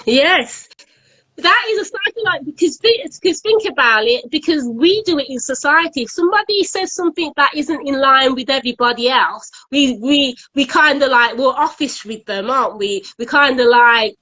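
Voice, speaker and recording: A woman's voice: high voice, moderate pace, bright, forceful tone, low-quality recording. A woman, earnestly explaining her views in a casual online live chat and often repeating words as she searches for them. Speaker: event organiser, guest. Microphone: online live stream.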